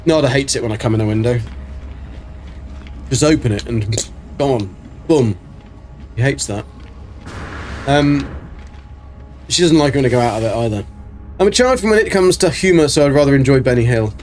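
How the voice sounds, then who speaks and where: A man's voice: mid-range voice, lively intonation, normal speed, pauses often, a little mellow, faint music behind. Chatty man streaming a game. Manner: rambling, many ums, reads chat aloud. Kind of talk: casual live-stream chat.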